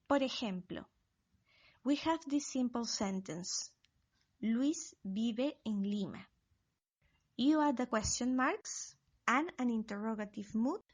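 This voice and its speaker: Woman language teacher, scripted lesson read-through, unhurried pacing, slightly high register. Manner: slow, careful example sentences spoken in Spanish. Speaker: Spanish teacher.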